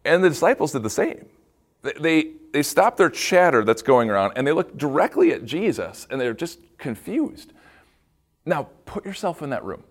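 A man speaking as a pastor, giving a devotional talk for children and adults in an animated storytelling way, often repeating words and adding playful asides. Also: on the high side, normal speed.

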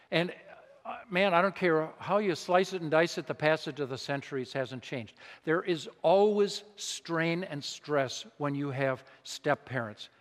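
A man with a fairly high voice delivers a sermon, talking with his congregation rather than at them. He leans on emphasis and throws out rhetorical questions. His voice rings out with the long reverb of a large church hall. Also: moderate pace. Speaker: preacher.

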